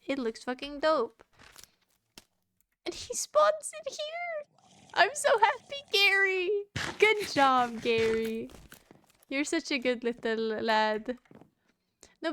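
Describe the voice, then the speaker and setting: A woman streams a game live, chatting casually with her viewers and her pet, teasing and swearing freely. Her voice sits high and sounds fairly bright and clean.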